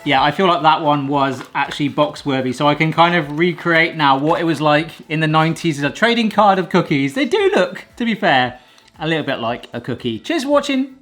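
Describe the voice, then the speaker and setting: A man's voice: fairly high pitch, lively intonation, fairly quick, a bit bright, soft background music. A man chatting casually through a cooking vlog, jokey and self-mocking as he tests a toy. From England. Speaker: food YouTuber testing a vintage toy.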